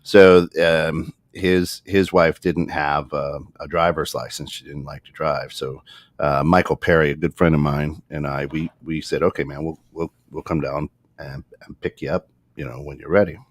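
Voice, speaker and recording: A man on a podcast telling a funny story in casual chat, halting with many restarts and laughing as he goes. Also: extremely low pitch, steady tone, no room sound. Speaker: podcast guest.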